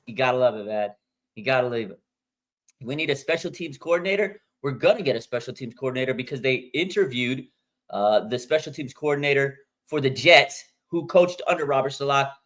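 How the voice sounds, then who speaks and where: A man hosting a fan livestream, talking excitedly in slangy bursts and letting out loud whoops. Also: a little high. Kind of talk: hyped fan livestream commentary.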